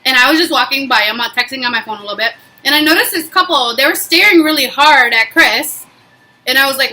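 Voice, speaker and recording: A fast-talking young woman with a high-pitched voice tells a personal story for her vlog. It's a casual, emphatic, animated retelling thick with fillers, captured in a rough recording.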